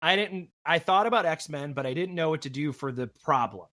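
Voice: mid-range voice, animated, a little fast, fairly bright tone. A podcast host in casual banter, playful and prone to interrupting. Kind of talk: casual chat.

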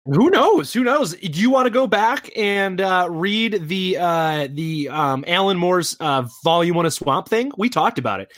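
Lively high-voiced male podcast host. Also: dry recording, clean studio sound. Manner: animated, quick, jokey. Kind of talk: casual chat.

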